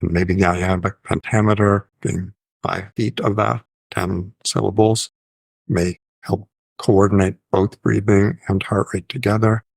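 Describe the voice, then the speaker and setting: A fairly low-pitched man with a gravelly edge to his voice talks as a psychiatrist host in an informal educational style. He is thoughtful and measured, often correcting himself. Now and then he intones short phrases in a sing-song rhythm, and the sound is dry and close. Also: flat delivery, no echo.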